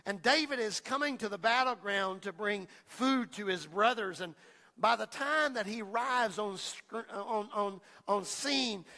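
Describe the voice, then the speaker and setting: A male preacher delivering a fervent sermon, repeating phrases and building toward shouts. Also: high-pitched. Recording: long reverb of a large hall.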